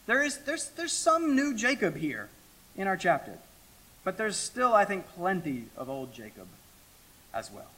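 A middle-aged man preaching an expository sermon to his church, emphatic, with dramatic pauses and sudden drops from loud to hushed. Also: high voice, very animated. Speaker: pastor.

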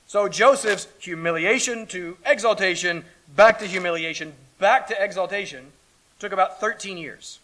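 Guy preaching, bright kinda high voice, goes loud then real quiet. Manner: dramatic swings from loud to hushed; reads scripture then comments conversationally. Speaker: pastor. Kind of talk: sermon.

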